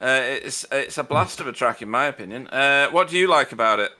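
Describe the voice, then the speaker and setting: A man's voice: mid-range voice, animated, a little fast, pushed and bright. A man doing live sim racing commentary, chatty, with dry self-deprecating humor.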